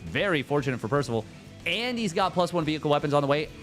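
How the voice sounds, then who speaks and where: A man casting a strategy game tournament on his own, jokey and excitable, riffing between plays. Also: on the high side, quick pace, soft background music. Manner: jokey, excitable, riffs and sing-songs. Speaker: esports caster. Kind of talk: solo game commentary.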